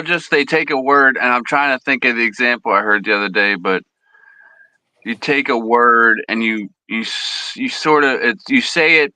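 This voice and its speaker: A man's voice: lowish voice, sharp tone, dry recording, low-quality recording. A middle-aged man co-hosting a podcast, talking in a rambling casual way and searching for his words. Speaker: podcast co-host. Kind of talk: casual chat.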